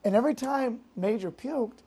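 Lively storytelling youth pastor preaching. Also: medium pitch, moderate pace, slightly rough. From Massachusetts, United States. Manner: lively storytelling with fillers and self-interrupting asides. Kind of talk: youth group sermon.

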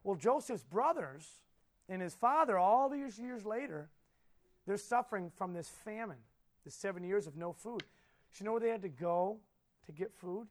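A man delivering a sermon in a notably high voice. He tells the story with animated energy, drops to a hush and then bursts out loud, and keeps asking his listeners questions. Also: moderate pace. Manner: swings between soft and loud. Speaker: preacher.

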